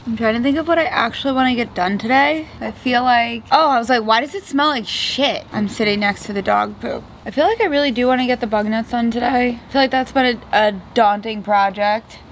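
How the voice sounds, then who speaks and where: A woman's voice: fairly high pitch, brisk, hardly any pauses, a little hiss or hum. A woman vlogging in a casual, rambling way, often saying "like" and "I feel like" while the van gets worked on at her family's house. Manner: chatty, rambling, frequent "like" and "I feel like". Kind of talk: casual vlog chat.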